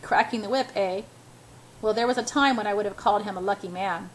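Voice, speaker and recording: A woman's voice: medium pitch, fast, a little hiss or hum, close to an everyday voice, poor audio. A woman reading a stern, possessive young male boss. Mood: teasing. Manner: stern, then dry and teasing.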